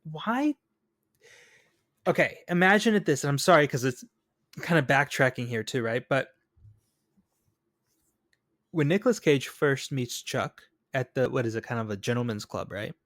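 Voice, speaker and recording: Here a man co-hosting a podcast talks casually about a movie and performs its lines with animated energy. He speaks at a normal speed with frequent pauses, in a mid-range voice recorded at studio quality without echo.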